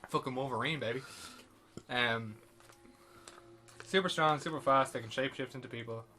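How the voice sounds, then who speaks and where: A man's voice: mid-range voice, normal speed, pushed and bright, a little hiss or hum. A man on a podcast casually recapping a film, rambling and swearing. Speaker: podcast host. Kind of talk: casual film review chat.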